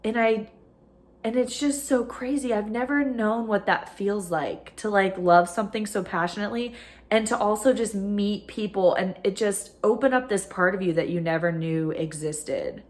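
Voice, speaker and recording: A woman's voice: mid-range voice, normal speed. A woman vlogging to her phone camera at home, gushing and emotional, with lots of fillers. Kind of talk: casual chat to camera.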